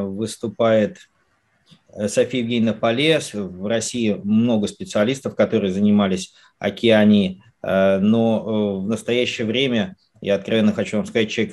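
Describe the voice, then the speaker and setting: A man moderating an online conference, introducing a speaker formally and haltingly with many fillers, over a video call. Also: fairly low pitch, darkish tone.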